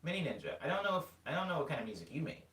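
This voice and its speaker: A man's voice: on the high side, racing, far from the mic. A young man streaming, chatting casually to viewers and wandering off track as he tells stories. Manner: rambling, animated storytelling with filler words. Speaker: music streamer answering chat. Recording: echoey room, voice a bit off-mic.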